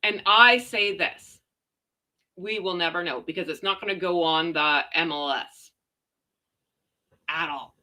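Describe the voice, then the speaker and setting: A woman's voice: on the low side, unhurried, pauses often, pushed and bright, poor audio. A woman hosting a chatty livestream, reading viewer comments in a sarcastic, emphatic way. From United States. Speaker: host.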